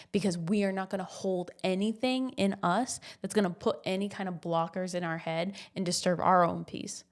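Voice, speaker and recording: A woman in her thirties hosting a casual motivational podcast, blunt and swearing freely with pep-talk energy. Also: on the low side. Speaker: podcast host.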